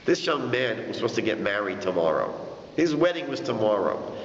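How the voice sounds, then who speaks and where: A man's voice: fairly low pitch, sing-song, fairly quick, slight background noise. A man telling a story and voicing a young rabbi who pleads earnestly and thanks effusively. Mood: pleading. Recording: dull echoey hall.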